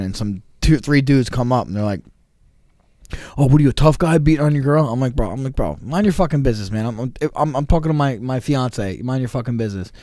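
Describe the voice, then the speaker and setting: A man's voice: medium pitch, darkish tone, no echo, studio quality. A man, co-hosting a podcast and telling a story in casual, profane chat, acting out the quotes. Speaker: podcast co-host.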